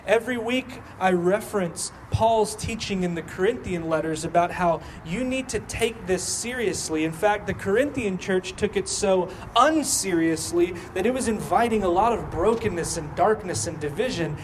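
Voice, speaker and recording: High-voiced male pastor preaching. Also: lively intonation, moderate pace, few pauses, slight background noise. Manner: storytelling, acting out quoted dialogue, asks the congregation questions. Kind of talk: sermon.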